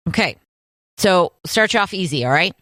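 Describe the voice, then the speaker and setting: A woman's voice: on the low side, lively intonation, normal speed, a bit bright, dry recording, studio quality. Teasing woman co-host. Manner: teasing, upbeat, leads the segment. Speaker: podcast co-host. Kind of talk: casual chat.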